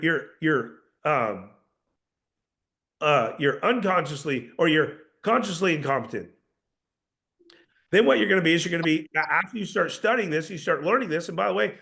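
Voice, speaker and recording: A sales trainer with a gravelly, somewhat raised male voice runs a live session for his team. He fires off rhetorical questions and restarts his sentences as he coaches. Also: fairly high pitch, fairly bright tone.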